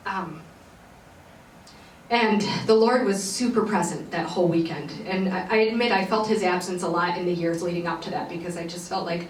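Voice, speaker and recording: A woman's voice: on the low side, normal speed, distant mic. Earnest woman telling a story in a roomy echo. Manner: earnest, rambling with many fillers. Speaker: podcast host. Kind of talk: personal storytelling. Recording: roomy echo, voice a bit off-mic, faint background noise.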